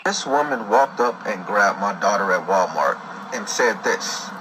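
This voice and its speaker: A man's voice: lowish voice, expressive, unhurried, noisy background. A man, a father, recounting a tense story in an agitated, dramatic storytelling manner. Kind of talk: storytime video.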